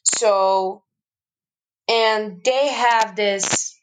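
A young woman guest on a podcast, telling stories in casual chat and speaking English as a second language. She talks in an animated way, full of fillers and restarts, and laughs often. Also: medium pitch, very slow, a little hiss or hum, low-quality recording. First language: not English. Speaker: podcast guest, hockey player.

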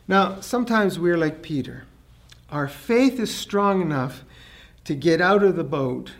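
A man preaching a sermon, earnest, raising his voice for emphasis. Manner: earnest, rises in pitch and volume for emphasis. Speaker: pastor.

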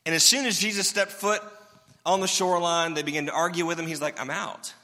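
Bright, forceful man preaching. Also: a little high, fast talker, long reverb tail. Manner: conversational, joking, asks the crowd questions. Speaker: pastor. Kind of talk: sermon.

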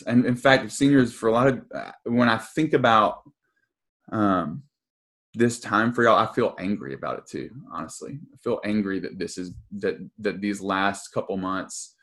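A young man preaching a conversational sermon as pastor, casual and earnest, with frequent ums and restarts. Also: on the low side.

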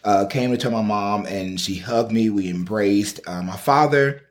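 A man, a podcast guest, telling his personal story in casual, earnest conversation with animated asides. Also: fairly low pitch, a little slow.

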